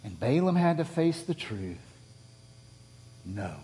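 A pastor preaching a sermon, telling a story with lively swings between loud and hushed delivery. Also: male voice, medium pitch, slow pace. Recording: long reverb of a large hall.

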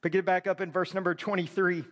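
A man preaching a sermon as a pastor, conversational with quick asides to the congregation. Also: high-pitched, level tone, big-room sound.

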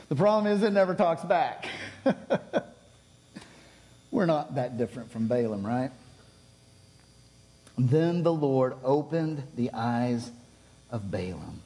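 A pastor preaching a sermon, telling a story with lively swings between loud and hushed delivery. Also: male voice, fairly high pitch, slow pace, long pauses. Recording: long reverb of a large hall.

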